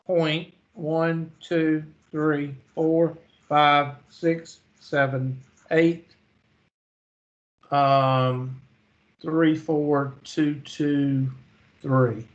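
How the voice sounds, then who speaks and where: Here a slightly high male voice with little pitch movement delivers a math lesson, and the audio has its highs cut off. He yawns drowsily while methodically reading numbers and calculator steps digit by digit in a slow walkthrough lecture.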